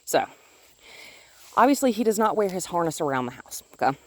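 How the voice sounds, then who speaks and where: A woman dog trainer with a somewhat low voice explains her method calmly and patiently. She is outdoors, filming on a phone in one hand. Her talk is plain and instructive. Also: a little fast. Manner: calm, explanatory, talks to the dog in a high sing-song voice. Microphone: phone held in one hand while filming.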